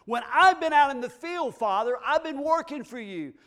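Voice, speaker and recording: Male preacher doing a jealous older brother, high voice, aggrieved, complaining, sermon. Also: animated, normal speed, bright, forceful tone, heavily acted. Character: resentful jealous older brother, hardworking young man.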